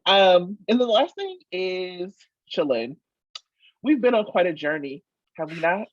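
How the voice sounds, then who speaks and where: Woman podcast co-host, husky and lively, emphatic and cursing, slightly muffled lo-fi sound. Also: lowish voice, measured pace, no echo. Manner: emphatic, animated, swears freely. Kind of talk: casual chat.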